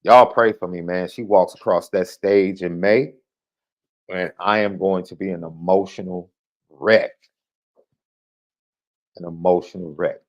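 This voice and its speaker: A man hosting a live sports podcast, chatting casually and reading out viewer predictions with excited jumps in his voice. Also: unhurried, long pauses, muffled recording. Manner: animated, excitable, jumps in pitch. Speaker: podcast host.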